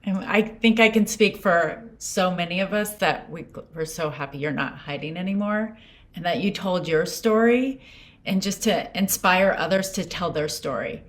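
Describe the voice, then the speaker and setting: A woman's voice: fairly low pitch, normal speed. A woman moderating a business panel discussion, wrapping up with encouraging takeaways. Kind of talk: webinar moderating.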